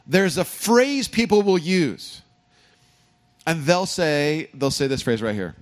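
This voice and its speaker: A man, a pastor from California, preaching a sermon with humorous stories and animated emphasis. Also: fairly high pitch, slow. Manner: storytelling, joking asides, animated emphasis.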